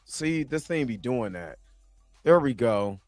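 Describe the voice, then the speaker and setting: A man's voice: medium pitch, slow, no room sound, faint music behind. A man hosting a live stream, chatting casually and with animation straight to his viewers. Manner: animated, talks straight to the chat.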